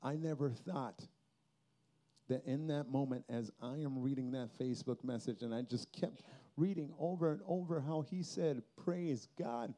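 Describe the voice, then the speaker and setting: Man giving an earnest, mellow testimony. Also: medium pitch, moderate pace. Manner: earnest, emotional storytelling. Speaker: speaker at a Christian youth festival. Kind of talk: personal testimony talk.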